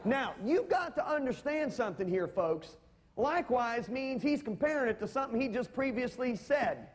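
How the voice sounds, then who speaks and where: A male pastor with a notably high voice delivers an emphatic sermon, repeatedly calling on his listeners to say amen. His words ring out with a long reverb, as if heard in a large church sanctuary. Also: sing-song, moderate pace. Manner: emphatic, calls for amens and audience responses.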